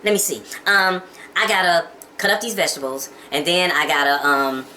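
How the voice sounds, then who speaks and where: A man's voice: on the high side, steady tone, normal speed, bright, forceful tone, a little hiss or hum, poor audio. A man putting on the voice of a fussy woman coworker while retelling a story. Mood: rambling.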